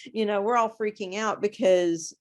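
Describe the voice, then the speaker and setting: A woman's voice: medium pitch, moderate pace, a little mellow. A woman author being interviewed, chatting casually and acting out her own reactions as she tells a story. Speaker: guest author.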